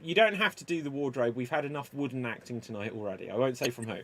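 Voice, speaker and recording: A man with a mid-pitched voice hosts an improv show over a video call. He talks briskly and teases the players as he keeps the games moving. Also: a bit bright, a little hiss or hum. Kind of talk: hosting a live online improv show.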